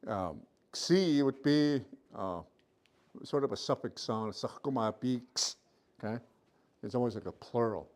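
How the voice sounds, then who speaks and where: A man teaching a virtual language class, sounding out letters slowly, repeating each sound and checking in with his students often. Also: mid-range voice, animated, a little mellow. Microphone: computer mic on a video call.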